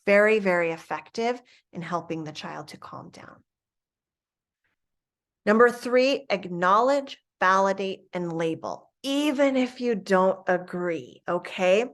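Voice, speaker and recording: A middle-aged woman giving an instructional lecture on coaching students, calm and explaining step by step. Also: mid-range voice, unhurried.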